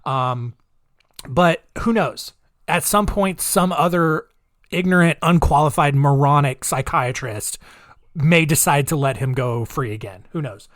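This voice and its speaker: A male podcast host tells a true-crime story in a loose, casual way, sarcastic and giggly. His voice sits a little high, and the recording is dry and close. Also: unhurried, a bit bright, no room sound.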